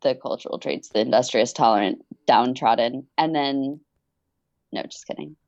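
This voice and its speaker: A woman's voice: very deep voice, moderate pace, darkish tone, no echo, highs cut off. A woman playing a tabletop game who reads out her character notes in a hesitant, methodical way. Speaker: player. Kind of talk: reading character notes aloud.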